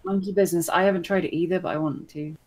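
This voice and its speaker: A man's voice: sits high, fairly even intonation, fast talker, a little mellow, rough recording. A man co-hosting a gaming podcast, laying out his opinions and arguing points in casual chat. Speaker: podcast co-host.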